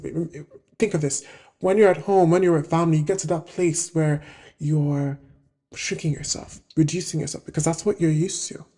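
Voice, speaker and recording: A deep, mellow voice belongs to this twenty-something woman hosting a self-help video. She works through her thoughts in a casual, reflective monologue, regularly pausing to search for words.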